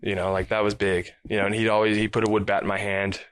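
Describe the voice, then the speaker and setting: A man who plays professional baseball, telling stories in a casual, animated way with lots of fillers. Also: fairly low pitch, fast, clean tone, no echo. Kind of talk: casual interview storytelling.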